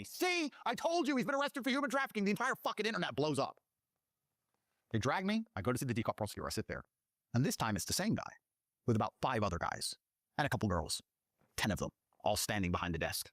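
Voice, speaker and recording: A man's voice: mid-range voice, big pitch swings, very fast, a bit bright, dry recording, studio quality. A man telling a long personal story, swearing often and acting out the lines of the people in it. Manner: profane, acts out quoted dialogue. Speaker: guest telling his story. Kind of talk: animated storytelling.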